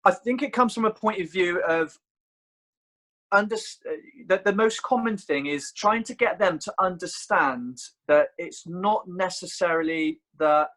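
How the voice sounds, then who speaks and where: Man, personal trainer, earnest, rambling, restarts a lot, fairly high voice. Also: unhurried, a bit bright, low-quality recording. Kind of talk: casual podcast chat.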